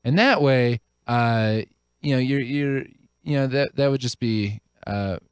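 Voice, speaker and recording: A man on a comedic advice panel, talking haltingly with many fillers and deadpan jokes. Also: mid-range voice, clean tone, no room sound, clean studio sound.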